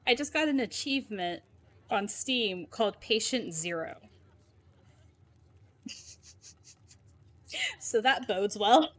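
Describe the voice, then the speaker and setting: A woman's voice: medium pitch, expressive, slow, long pauses, fairly bright tone. A young woman streaming a game, chatting, laughing and reading the narration aloud. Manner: giggly, chatty, reacting aloud. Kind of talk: live game playthrough with read-aloud narration.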